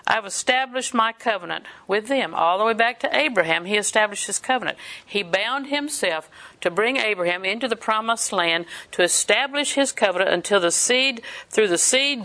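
An older woman delivers a sermon in a bright, forward voice. She mixes homely family stories with scripture and laughs easily as she talks. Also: mid-range voice. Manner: folksy storytelling, laughs often. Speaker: preacher.

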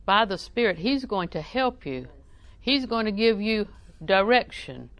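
Here a middle-aged woman gives a humorous, folksy sermon in a medium-pitched, very animated voice, moving a little slowly. Chuckles come often, along with loud acted outbursts.

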